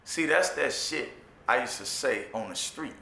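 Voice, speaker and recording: A man's gravelly, mid-range voice moves at an unhurried pace as he casually recounts his time in jail, with the room echoing. He tells it animatedly with restarts and repetitions, using profane street slang and often asking "you know what I'm saying."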